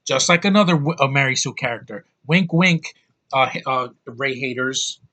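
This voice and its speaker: A man's voice: medium pitch, moderate pace, sharp tone. A man giving a casual, ranting film review, blunt and heated, often repeating and restarting his words. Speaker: movie reviewer.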